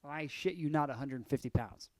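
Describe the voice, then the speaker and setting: A man's voice: a little high, moderate pace, a little mellow, dry recording. A man co-hosting a podcast, telling loose, rambling stories with profanity and a slight cough. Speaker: podcast co-host. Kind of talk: casual chat.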